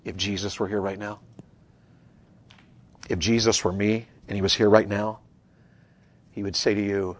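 A middle-aged man, preaching a sermon to young people in an earnest voice that swings from loud urging to hushed tenderness. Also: on the low side, level tone, moderate pace, pauses often. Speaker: pastor.

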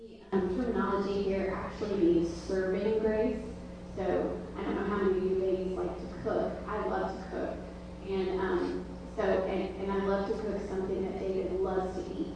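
A woman's voice: medium pitch, flat delivery, normal speed, highs cut off. A woman giving a casual talk alongside a sermon, chatty and anecdotal, with fillers. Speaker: pastor's wife, co-speaker. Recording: echoey hall, distant mic, humming noise.

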